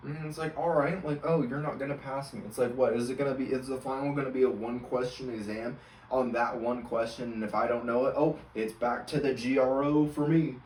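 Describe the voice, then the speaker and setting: A man's voice: mid-range voice, fairly even intonation, fairly quick, a little mellow, far from the mic, slight background noise. Rambling young man in a roomy space. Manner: rambling, filler-heavy, exasperated. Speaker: college student vlogger. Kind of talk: casual storytelling rant.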